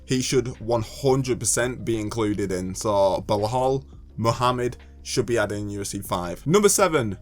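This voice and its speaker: A man's voice: on the low side, expressive, normal speed. A young British man making a casual gaming commentary video, joking and ranting and stumbling over hard names.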